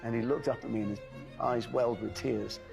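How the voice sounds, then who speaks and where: A man, an actor, recalls filming in animated storytelling and acts out the quotes. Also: medium pitch, fairly quick, creaky, over music. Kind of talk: anecdotal storytelling with quoted dialogue.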